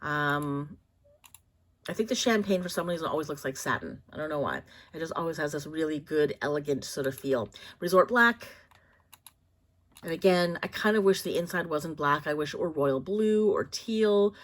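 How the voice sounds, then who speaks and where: A woman vlogging casually about products, rambling with many fillers and quick self-corrections. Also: sits low, animated. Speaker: vlogger reviewing bags.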